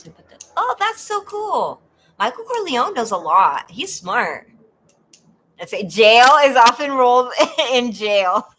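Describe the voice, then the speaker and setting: Woman, trivia stream host, giggly, chatty, lively swooping pitch. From California. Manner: giggly, chatty, laughs often. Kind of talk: casual livestream chat.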